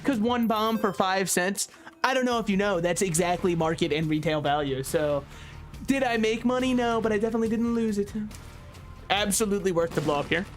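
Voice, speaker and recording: A man's voice: sits high, brisk, soft background music. Sarcastic man streaming his gameplay. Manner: sarcastic, self-mocking banter; swears freely. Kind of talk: casual gameplay commentary.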